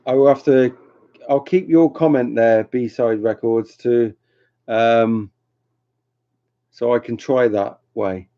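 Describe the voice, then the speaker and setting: Speaking slowly at a medium pitch with a steady tone and frequent pauses, this livestream host chats casually with his viewers. He rambles, reads their comments, teases them, and laughs a lot, all captured in dull, lo-fi home audio.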